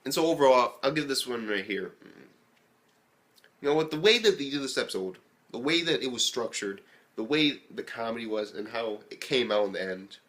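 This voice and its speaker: A young man talks through his review in an excitable, rambling way. He swears constantly and leans on fillers. His voice sits at an ordinary middle pitch for a man. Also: a little fast. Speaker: anime reviewer. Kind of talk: casual video review.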